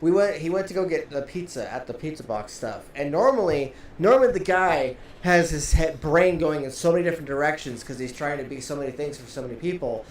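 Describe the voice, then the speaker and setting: A man's voice: a little high, brisk, few pauses. A man chatting casually on a podcast, winding through a story with constant "like"s and quoted bits of dialogue. He sounds like he is in a roomy, echoing space. A faint hiss sits behind his voice. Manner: rambling storyteller, heavy use of "like". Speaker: podcast co-host. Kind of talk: casual chat. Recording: roomy echo, faint noise.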